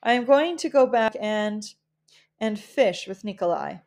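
A woman reading the part of a steady older boy who directs the other children, in a calm, commanding way. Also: medium pitch, unhurried.

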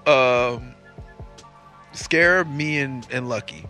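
Man, middle pitch, laid-back blunt storyteller, faint music behind. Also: drawn-out words, pushed and bright. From Los Angeles. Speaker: rapper and podcast co-host. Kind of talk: casual chat.

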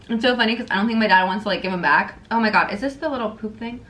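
A woman's voice: on the high side, fairly bright tone. A young woman vlogging in a casual, rambling way, chatting as she eats and filling her talk with "like". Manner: chatty and rambling, talks with her mouth full, many "like"s. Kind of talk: casual chat while eating. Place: parked car.

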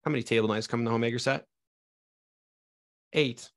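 A man's voice: mid-range voice, brisk, no room sound, studio quality. A young man running a live sales training, talking straight to his trainees with energy that rises and falls.

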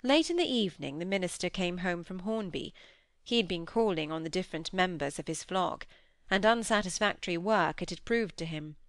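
A woman reads a classic novel aloud in a measured, even manner. Her voice sits fairly low. The sound is dry and close to the mic. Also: no room sound. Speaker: audiobook narrator. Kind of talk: scripted narration of a classic novel.

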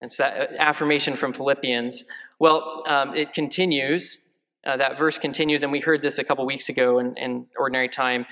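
A male parish priest giving a conversational homily, joking lightly and filling pauses with ums and uhs. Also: mid-range voice, steady tone, pushed and bright. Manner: chatty, joking, many fillers. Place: large church. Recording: long church reverb.

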